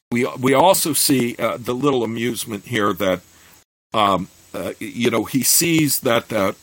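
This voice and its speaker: A man reading a fantasy novel aloud in a steady voice, then talking it over with many fillers and restarts. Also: lowish voice, low-quality recording. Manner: plain steady reading of the narration. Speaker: podcast host reading a novel aloud and discussing it.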